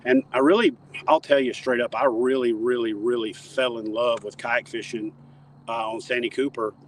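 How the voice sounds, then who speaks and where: A man's voice: medium pitch, moderate pace, a little hiss or hum, low-quality recording. Rambling man telling stories outdoors. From Toledo Bend area, southern US. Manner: animated, rambling, joking. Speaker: interview guest. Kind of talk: casual storytelling. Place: outdoors near a dock.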